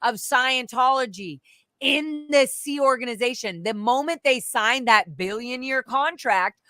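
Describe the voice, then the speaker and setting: A woman's voice: high-pitched, a little slow, dry recording, studio quality. A woman guest telling candid stories in conversation, swearing freely and acting out other people's voices. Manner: animated, profane, acts out quoted voices.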